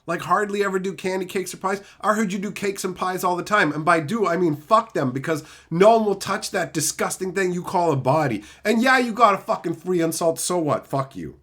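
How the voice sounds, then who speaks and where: A man streaming live, ranting loudly with constant swearing and insults, reading and mocking chat comments. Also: high-pitched, animated, a little fast, hardly any pauses. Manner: loud, swearing, insulting rants; reads chat comments aloud and mocks them. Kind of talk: profane livestream rant.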